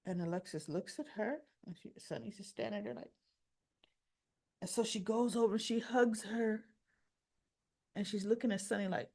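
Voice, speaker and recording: A woman's voice: medium pitch, normal speed. Chatty woman recapping a soap opera. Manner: chatty, opinionated, acts out characters' quotes. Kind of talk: casual episode recap.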